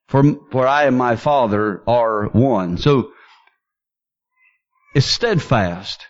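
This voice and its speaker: A man preaching a sermon, fervent and building to near-shouts as he quotes scripture. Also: high voice, animated, slow, dull audio.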